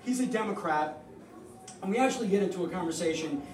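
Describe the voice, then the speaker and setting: A high-voiced man spins a wry, salty story about himself, picked up from a distance in a live, echoey hall. A low hum of audience ambience sits under him. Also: lively intonation, fast. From New York. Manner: wry, profane, self-mocking. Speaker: comedian telling a personal story.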